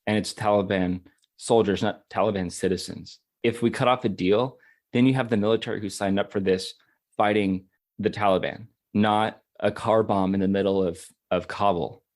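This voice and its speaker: A man's voice: lowish voice, fairly even intonation, moderate pace, a little mellow. A man co-hosting a podcast, emphatic and frustrated, emotional and stumbling over repeated words as he argues politics. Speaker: podcast co-host. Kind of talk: heated political discussion.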